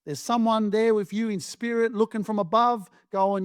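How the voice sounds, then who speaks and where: Fired-up high-voiced swearing man. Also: fairly even intonation, normal speed, clean tone, dry recording, studio quality. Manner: blunt, swears freely, fired-up and emphatic. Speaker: motivational podcast host. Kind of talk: motivational monologue.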